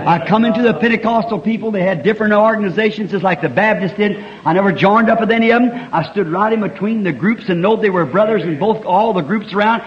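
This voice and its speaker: A man preaching a sermon at a church meeting, telling folksy stories with repeated refrains and building to fervent shouts, heard on a dull lo-fi early 1960s tape. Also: high-pitched, quick pace, hardly any pauses.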